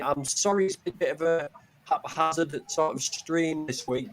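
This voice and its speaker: Flustered chatty man, higher voice. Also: rough recording. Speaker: host. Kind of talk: casual video call chat.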